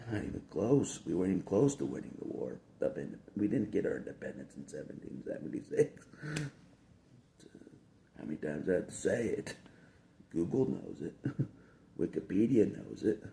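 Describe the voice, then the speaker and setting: A man's voice: low voice, sing-song, normal speed, gravelly, pauses often, warm tone. A man talking casually to the camera in a rambling, repetitive way, chuckling between phrases. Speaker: video blogger. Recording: echoey room with faint background hum.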